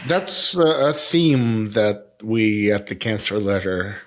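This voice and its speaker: A middle-aged man with a Russian accent, hosting a casual conversation, speaking haltingly with many fillers and restarts. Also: lowish voice, animated. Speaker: editor and podcast host.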